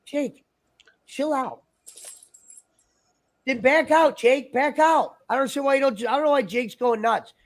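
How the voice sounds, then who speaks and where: A man's voice: very high voice, a little slow, long pauses. A man chatting on a livestream in a rambling, argumentative, profane way. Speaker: stream guest. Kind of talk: casual livestream chat.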